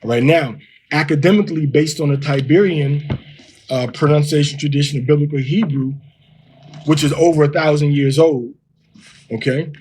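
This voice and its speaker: A man giving an informal lesson, explaining step by step and sounding words out slowly. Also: fairly high pitch, a little mellow, slight background noise. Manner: explains step by step, reads verses aloud slowly. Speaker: Hebrew teacher.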